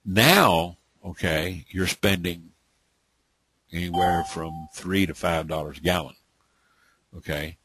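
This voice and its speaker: A man's voice: low-pitched, slow pace, long pauses, a bit bright, husky. A middle-aged man from Atlanta, Georgia, leading a live online training. He keeps calling on his listeners and closes his points with "okay?". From Atlanta, Georgia, USA. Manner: coaxing, repeatedly calls on listeners, ends points with "okay?". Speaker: webinar trainer.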